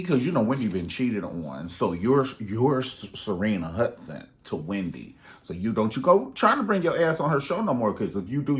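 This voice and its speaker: A man's voice: fairly low pitch, big pitch swings, brisk, hardly any pauses, a little hiss or hum. A man giving sassy, profane, rambling gossip commentary in a vlog.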